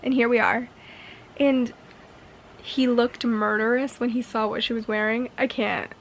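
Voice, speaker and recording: A young woman filming a casual reading vlog, gushing and excitable, full of "like" asides, recorded on a camera mic at home. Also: fairly high pitch, measured pace, slight background noise. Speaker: book vlogger.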